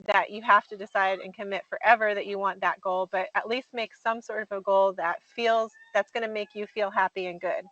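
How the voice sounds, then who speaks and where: A woman's voice: mid-range voice, steady tone, fairly quick, few pauses, fairly bright tone, dry recording. A woman in her forties hosting an interview, upbeat and encouraging, laying out points step by step. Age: 40s. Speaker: podcast host, coach. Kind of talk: casual interview. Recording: dry, dull lo-fi mic.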